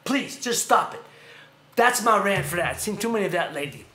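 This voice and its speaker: Man, high voice, sharp tone, animated rant, echoey room. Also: a little fast, background noise. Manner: animated, ranting, laughs and shouts at times. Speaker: show host. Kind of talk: casual livestream rant and chat.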